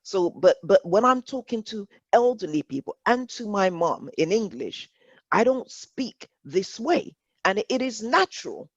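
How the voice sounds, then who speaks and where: A woman's voice: medium pitch, very animated, a little slow, no echo. A woman leading a workshop discussion, speaking earnestly and reflectively, often repeating words as she works through a point. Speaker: workshop facilitator. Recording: dull lo-fi dry sound.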